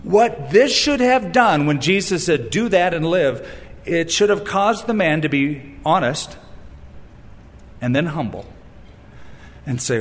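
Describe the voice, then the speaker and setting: A man preaching a sermon, animated and storytelling, who acts out the voices he quotes and breaks in with wry asides. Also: a little high, a little slow, in a large hall. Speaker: pastor.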